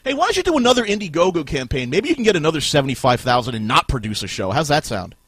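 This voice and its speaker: A man hosting a podcast, ranting furiously and swearing, with shouted bursts. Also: on the high side, very animated, very fast, slightly rough, no echo. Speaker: podcast host. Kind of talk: profane ranting podcast talk.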